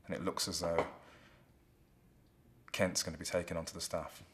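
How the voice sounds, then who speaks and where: A man with a very low voice retells a classic play in a relaxed, chatty way. He talks like he is explaining the story to a friend. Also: normal speed, background noise. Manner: relaxed, conversational.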